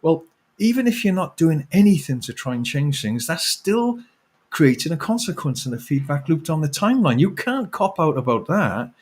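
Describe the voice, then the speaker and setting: A man's voice: on the high side, sing-song, normal speed, husky. A middle-aged man, an author talking as an interview guest, ranting passionately with swearing and bursts of laughter. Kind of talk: impassioned interview talk.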